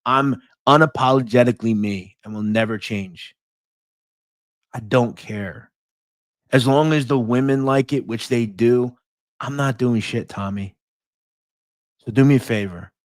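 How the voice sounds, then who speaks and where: A man's voice: mid-range voice, a little slow, pauses often, no room sound, clean studio sound. A man from the United States hosting a casual livestream podcast, blunt and profane, mocking and reading out viewer donations. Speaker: podcast host.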